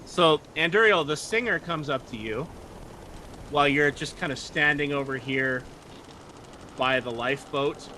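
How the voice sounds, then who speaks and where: A man's voice: on the high side, unhurried, sharp tone, a little hiss or hum. A man narrating as game master in a tabletop game, casual and easygoing, with frequent fillers. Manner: casual, laughing, hesitant with fillers.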